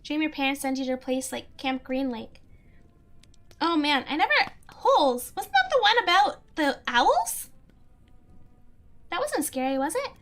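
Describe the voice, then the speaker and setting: A woman's voice: high voice, sing-song, a little slow, pauses often, a bit bright. A young woman streamer chatting casually and reading chat, rambling with lots of "like" and frequent giggles.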